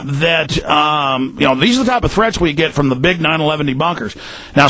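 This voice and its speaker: A man hosting a talk radio show, delivering a heated, combative monologue in fast bursts. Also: fairly high pitch, fairly bright tone, no echo, rough recording.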